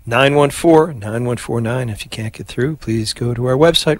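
A man hosts a live radio prayer program, leading the rosary in a steady, rhythmic cadence. His voice sits in an ordinary middle range. The studio sound is close and dry, with no room echo. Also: medium pitch, a little fast, hardly any pauses. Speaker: radio host.

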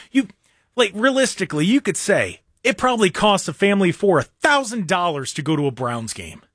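A man's voice: high-pitched, a bit bright, no room sound, clean studio sound. A man hosting a talk show, delivering a heated, exasperated rant with frequent stammering restarts and mocking jabs.

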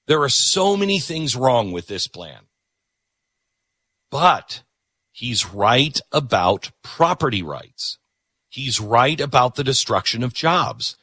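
A man's voice: medium pitch, very animated, slow, bright, forceful tone, slightly rough, no room sound, clean studio sound. A man hosting a talk show, delivering an opinionated, emphatic monologue that repeats words for punch.

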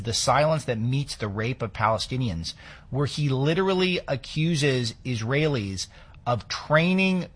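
Man, talk radio host, sarcastic and indignant, husky voice. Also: medium pitch, a bit bright.

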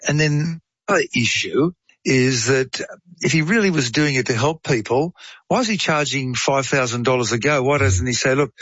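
A man's voice: medium pitch, normal speed, a bit bright, slightly rough, no echo, highs cut off. Chatty man explaining science. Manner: chatty, explains with analogies and case stories. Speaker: science explainer on a talk show. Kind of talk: casual chat, storytelling explanation.

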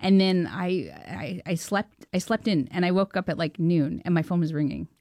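A Canadian woman filmmaker, a guest in an interview, telling a story with excitement and acting out the voices of the people she quotes. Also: fairly low pitch, normal speed, dry recording, clean studio sound. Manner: excitable, laughing often, acting out quoted dialogue.

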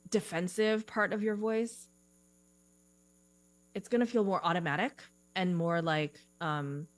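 This woman speaks as a career coach being interviewed, with a slightly low voice. She thinks out loud, moving from quick runs of words into filler-heavy pauses. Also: no echo. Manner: thoughtful, talks in bursts with many fillers. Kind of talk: podcast interview guest. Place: Eugene, Oregon.

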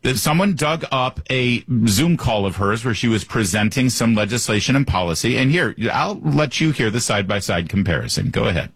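A man's voice: medium pitch, expressive, fairly quick, hardly any pauses, a bit bright, slightly rough, no room sound. A man hosting a political talk radio show, giving opinionated commentary in a conversational way with frequent fillers.

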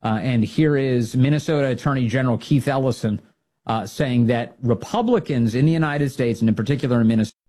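Emphatic husky male political host. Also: mid-range voice, fast talker. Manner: emphatic, animated, rises to exhortation. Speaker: political talk show host. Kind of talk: political commentary.

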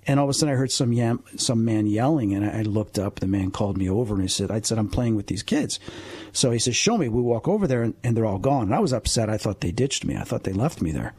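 Husky-voiced man in his fifties. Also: lowish voice, quick pace, dry recording. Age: 50s. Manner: earnest, animated storytelling. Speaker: paranormal investigator and medium, guest. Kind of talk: storytelling interview on radio.

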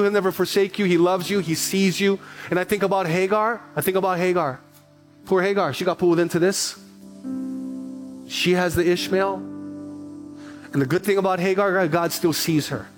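A middle-aged man pastor giving a sermon, telling stories and acting out dialogue, repeating phrases for emphasis. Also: high-pitched.

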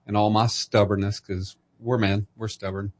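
Low, flat-voiced host talking faith. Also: male voice, normal speed. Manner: heartfelt, preachy. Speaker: podcast host. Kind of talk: casual faith talk.

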